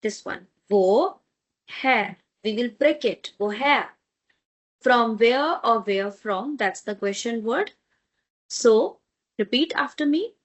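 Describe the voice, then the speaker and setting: Lady teacher, fairly high voice, talks slow and patient, repeats stuff for you to copy. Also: expressive. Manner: patient, repeats phrases slowly for learners to echo. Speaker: language teacher. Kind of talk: online language lesson.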